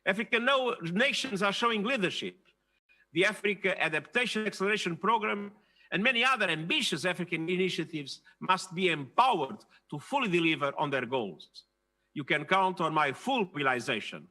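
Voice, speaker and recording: An older man delivering a formal prepared speech at a leaders' dialogue, measured and emphatic. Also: high voice, expressive, sharp tone. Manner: measured, emphatic, stressing key phrases. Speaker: keynote speaker at a leaders' dialogue.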